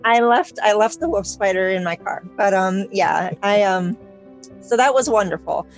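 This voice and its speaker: A woman chatting on a podcast, telling a personal story hesitantly with many pauses and restarts. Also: mid-range voice, over music, poor audio. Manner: hesitant, lots of ums and restarts. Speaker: podcast guest. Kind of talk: casual chat.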